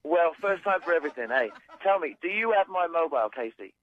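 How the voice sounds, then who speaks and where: A man's voice: fairly high pitch, expressive, fast talker. Exasperated British man on the phone. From Britain. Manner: exasperated, swearing, impatient. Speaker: prank call target. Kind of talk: phone conversation. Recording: phone line.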